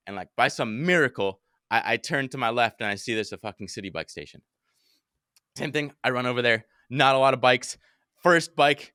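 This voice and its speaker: A young man hosting a podcast, telling a wild story in casual chat, swearing a lot and acting out his own panicked shouts. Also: medium pitch, lively intonation, moderate pace, smooth, no room sound, clean studio sound. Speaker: podcast host.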